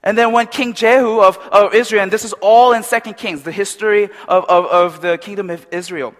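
High-voiced male preacher in a reverberant hall. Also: fairly quick. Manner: conversational, animated, with restarts and asides. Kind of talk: sermon.

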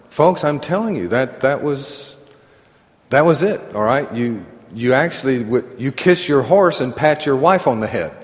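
Middle-aged male pastor, slow and earnest, conversational sermon with self-deprecating laughs, church hall reverb. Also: medium pitch, lively intonation. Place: church sanctuary.

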